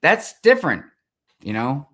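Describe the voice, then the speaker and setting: A man's voice: medium pitch, huge pitch swings, measured pace, a bit bright. A man hosting a livestream, ranting casually in a rambling way and swearing constantly. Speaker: livestream host. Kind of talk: profane casual rant.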